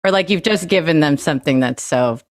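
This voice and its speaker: A woman with a low, dry-sounding voice chats loosely as a podcast guest, rambling through her stories. She is calling in over video from home. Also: brisk, no echo. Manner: chatty, rambling storyteller. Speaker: guest, former sketch comedy writer. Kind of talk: casual podcast chat. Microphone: video call.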